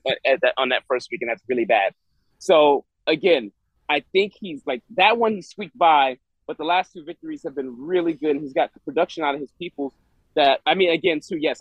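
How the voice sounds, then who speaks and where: A man co-hosting a podcast, talking in a rambling, animated way with frequent restarts. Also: on the high side, breathy edge, dry recording, rough recording. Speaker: podcast co-host. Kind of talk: casual chat.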